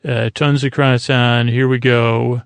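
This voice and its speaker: Male podcast host, very gravelly and monotone, halting, filler-heavy recap read from notes, dry close sound. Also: medium pitch, dry recording. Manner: halting, many fillers, loses his place. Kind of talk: casual episode recap from notes.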